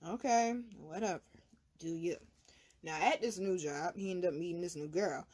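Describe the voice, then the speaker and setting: A woman host telling a personal story in a blunt, animated, profane way. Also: fairly low pitch, normal speed, husky. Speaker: tarot reader and channel host. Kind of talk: casual storytelling.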